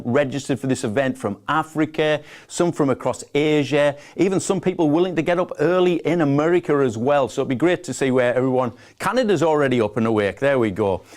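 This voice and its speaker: Male webinar host, northeast English accent, mid-pitched, chatty and upbeat, live presenter energy. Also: fairly quick, a little mellow. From northeast England. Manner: chatty, enthusiastic, reads out viewer locations. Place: home office.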